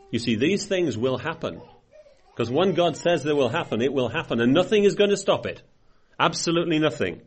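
A man's voice: fairly high pitch, lively intonation, fairly quick, slightly rough. An older man giving a Bible study sermon, reading scripture aloud with rising emphasis and then commenting in a loose, conversational way with restarts. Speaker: preacher.

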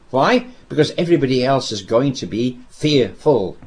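Animated male preacher, lively pitch. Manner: animated storytelling with dramatic pauses and repetition. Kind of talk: sermon.

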